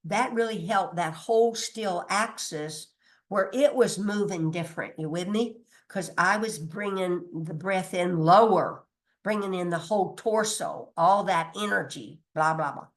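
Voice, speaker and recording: In a lowish, slightly slow voice, a woman offers a relaxed spiritual lesson full of chatter, emphasis, laughter and light cursing. At times she loses her place and begins again, or reads from her notes.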